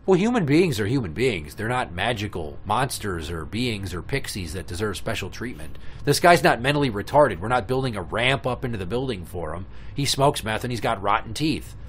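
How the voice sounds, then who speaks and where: A man's voice: on the low side, sing-song, normal speed, few pauses, slight background noise. A man hosting a casual podcast, telling stories in a blunt, sarcastic, profane rant. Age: adult with kids. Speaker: podcast host. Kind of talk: casual ranting podcast chat. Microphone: podcast microphone.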